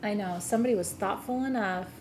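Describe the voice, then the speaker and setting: A woman's voice: medium pitch, fast talker, very noisy. A woman hosting a live gem sale, chatting casually and telling funny stories as she sells. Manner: animated, joking storyteller, laughs often. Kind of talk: casual chat and product selling.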